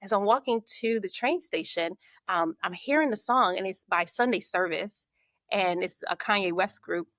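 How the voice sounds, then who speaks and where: A woman, a podcast guest and marketing coach, telling her story in a lively way and acting out her own thoughts. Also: medium pitch, moderate pace, no echo, clean studio sound. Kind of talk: conversational storytelling.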